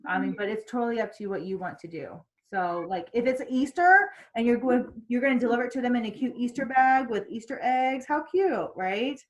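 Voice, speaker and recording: Chatty woman trainer with a higher-pitched voice, casual call, many fillers. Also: fairly quick, hardly any pauses, muffled recording. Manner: chatty, many fillers and restarts, acts out quotes. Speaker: sales team trainer.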